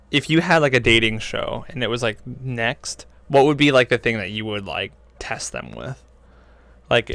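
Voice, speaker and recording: A man's voice: mid-range voice, gravelly, a bit bright, no echo. A young man co-hosting a podcast, chatting casually with crude jokes and lots of "like" fillers. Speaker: podcast co-host. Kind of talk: casual chat.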